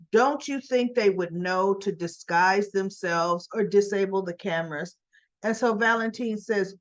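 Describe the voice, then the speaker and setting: A woman's voice: medium pitch, lo-fi sound. A woman casually retelling a soap opera episode, quoting the characters as she goes along. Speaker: soap opera recap vlogger.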